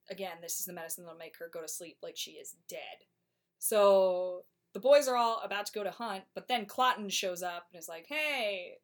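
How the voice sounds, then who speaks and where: A woman casually summarizing a play's plot, wry and chatty, acting out the characters' lines in quick voices. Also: medium pitch, a bit bright.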